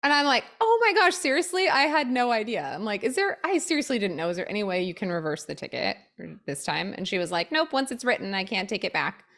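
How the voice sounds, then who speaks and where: A young woman co-hosts a casual podcast, telling stories with lively swings in pitch. She acts out each person she quotes, keeping her voice at a middle height. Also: fast, gravelly, few pauses. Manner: animated storyteller, acts out quotes. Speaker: podcast co-host. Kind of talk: casual chat.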